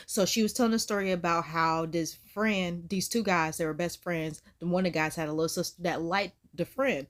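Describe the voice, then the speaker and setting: Animated, slangy woman reacting. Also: lowish voice. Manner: animated, slangy, acts out quotes with squealy voices. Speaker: reaction video host. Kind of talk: casual reaction commentary.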